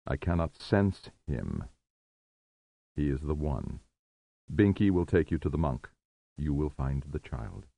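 A man voicing an ancient, grim male figure of Death in an audiobook, speaking slowly and with measured command. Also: a bass voice, sing-song, creaky, mellow, no echo, heavily acted. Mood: solemn. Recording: narrow tinny phone-like sound.

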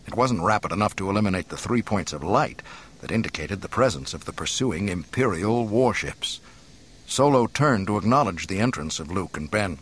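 Low-voiced man narrating dramatically. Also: husky. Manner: dramatic, expressive storytelling. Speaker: audiobook narrator. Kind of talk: scripted narration.

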